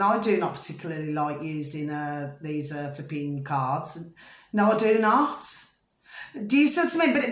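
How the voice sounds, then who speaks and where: In a reverberant space, a middle-aged British woman with a mid-range, slightly bright voice rambles casually to her viewers. The chatty vlogger often checks they're following, repeating "do you see what I mean?" along with "ding ding."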